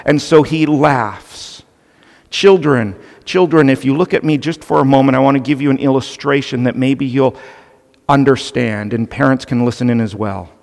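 A man's voice: mid-range voice, normal speed, creaky. A male pastor preaching a sermon earnestly and with animation, turning to the children with playful asides. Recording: long reverb of a large hall.

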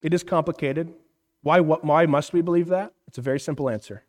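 Man, pastor, conversational sermon, slightly high voice, long hall reverb. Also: a little fast, a little mellow. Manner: conversational, asks the room questions, frequent "right?". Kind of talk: interactive sermon teaching.

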